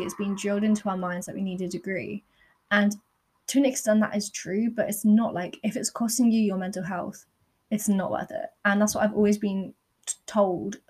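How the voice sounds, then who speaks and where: A young woman hosts her podcast in a candid, earnest personal monologue, peppered with "like.". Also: medium pitch. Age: young adult. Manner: candid and earnest, with frequent fillers like "like". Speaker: podcast host.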